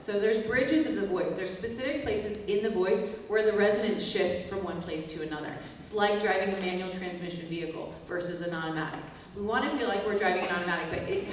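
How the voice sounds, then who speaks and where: A woman's voice: mid-range voice, a little hiss or hum. Woman vocal coach in an echoey hall. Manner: chatty, informal teaching with sung examples and light laughs. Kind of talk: live vocal master class with sung demonstrations. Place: large hall, heard from a distance. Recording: echoey hall recording from far off.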